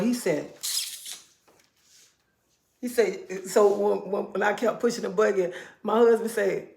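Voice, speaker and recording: A middle-aged woman hosting a casual livestream, telling animated stories to her viewers. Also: mid-range voice, normal speed, gravelly. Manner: animated storytelling with Southern-style speech. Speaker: livestream host. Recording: echoey room.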